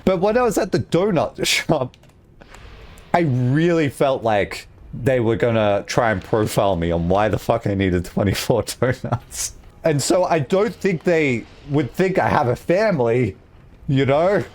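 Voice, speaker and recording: Animated young man telling stories. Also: medium pitch, measured pace. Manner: rambling, animated storytelling with swearing and laughs. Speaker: streamer. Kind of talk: casual stream chat.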